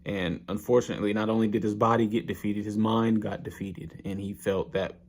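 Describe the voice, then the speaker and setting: A man casually recapping an anime episode, telling it with animated slang. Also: lowish voice, fairly quick.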